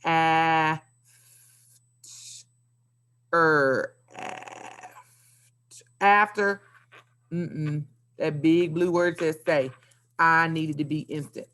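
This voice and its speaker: A woman teacher giving a recorded video lesson to young pupils, upbeat and playful with sing-song emphasis. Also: sits low. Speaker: elementary school teacher.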